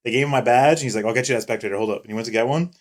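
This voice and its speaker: Talking very fast in a medium pitch, this young podcast co-host keeps things casual. His stories are full of swearing, and he animatedly retells events by doing other people's voices.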